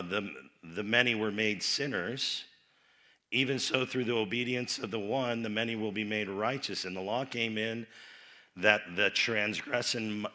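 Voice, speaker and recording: Bright-voiced man preaching a sermon. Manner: swings from low, quiet asides to loud emphatic bursts; repeats words and restarts phrases. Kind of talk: youth rally sermon.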